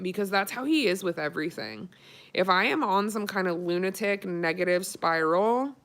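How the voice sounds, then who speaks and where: A young woman in a casual vlog tells a personal story in a chatty way, with lots of "like" and plenty of feeling. Her voice sits a little low. She talks at a slow, unhurried pace. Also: fairly bright tone. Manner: chatty, peppered with "like", emotional retelling. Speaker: vlogger.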